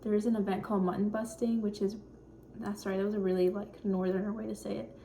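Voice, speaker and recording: A young woman in her twenties chatting quietly and shyly while cooking in her home kitchen, rambling with lots of fillers. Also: mid-range voice, little pitch movement, quick pace, creaky, slight background noise. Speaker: vlogger. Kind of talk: casual cooking vlog chat.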